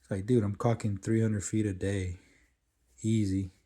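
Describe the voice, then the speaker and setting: A man's voice: on the low side, flat delivery, normal speed, warm tone. A man narrating his caulking work in a laid-back, casual way, swearing often as he goes, recorded on smart glasses. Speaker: caulking tradesman.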